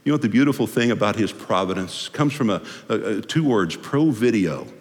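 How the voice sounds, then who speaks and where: A man preaching a sermon as a pastor, emphatic and swinging between loud declarations and hushed, soft passages. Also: lowish voice, animated, fairly quick. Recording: reverberant hall.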